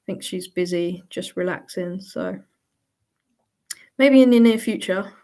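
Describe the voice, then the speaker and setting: Casual woman for a live Q&A stream, slow and easygoing, quick to laugh. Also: lowish voice, dark tone. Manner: chatty, laughs often, reads out viewer questions. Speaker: livestream host answering viewer questions.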